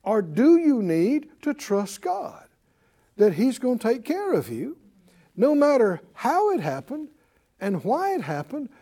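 A man teaching a Bible class as a sermon, animated and calling out to his class. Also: very high-pitched, unhurried. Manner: animated, addresses the class, acts out panicked voices.

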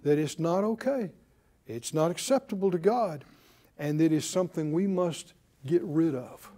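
A man's voice: a little high, normal speed. A man preaching a sermon, asking the congregation questions and acting out everyday complaints. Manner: animated, rhetorical questions and acted-out complaining.

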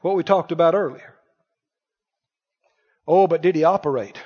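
A man's voice: a little high, normal speed, breathy edge, big-room sound, lo-fi sound. A man preaching a sermon, quoting scripture with emphasis and putting questions to the congregation.

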